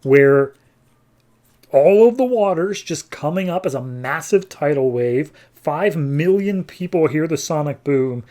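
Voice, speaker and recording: A man's voice: on the high side, animated, a little slow, dark tone. A man hosting a podcast, recapping a comic book in a chatty, loose way with lots of fillers. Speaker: podcast host. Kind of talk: casual comic book review.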